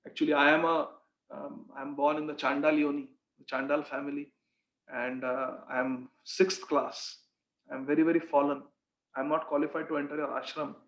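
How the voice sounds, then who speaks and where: A humble young girl begs to be allowed to serve, her voice soft and apologetic, as a male storyteller puts her on. The voice sits a little high. The recording is echoey and dull, like a lo-fi room. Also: level tone, normal speed. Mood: pleading. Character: young low-born girl, humble and tearful.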